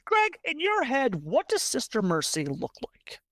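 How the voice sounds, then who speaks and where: A woman's voice: sits high, huge pitch swings, measured pace, a bit bright, no echo, clean studio sound. A woman narrating a tabletop game as game master, descriptive and full of fillers.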